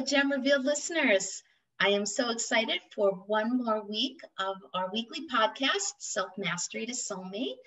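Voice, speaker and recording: A woman's voice: mid-range voice, a bit bright, distant mic, poor audio. A woman hosting a podcast as a matchmaker, gushing and enthusiastic.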